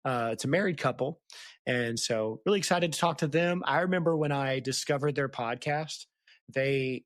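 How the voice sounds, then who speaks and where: A woman's voice: a bass voice, moderate pace, no echo, clean studio sound. A woman with a Southern US accent hosting a podcast, chatting casually and laughing often, with many fillers. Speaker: podcast host. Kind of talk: casual chat.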